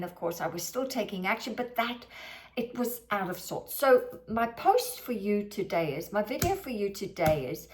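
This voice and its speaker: A middle-aged woman giving a motivational video talk, animated and expressive, sometimes acting out her own past thoughts. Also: a little high. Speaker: motivational speaker.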